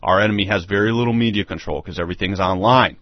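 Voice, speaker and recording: Deep-voiced and fast-talking, this US online radio host rambles emphatically and keeps repeating himself. There's no room sound, and the audio is dull, dry and lo-fi.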